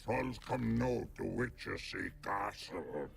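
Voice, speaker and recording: A male actor voicing a slow-witted, stubborn troll in a video game who speaks in broken, halting phrases. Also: on the low side, expressive, heavily acted. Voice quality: gravelly, broken grammar.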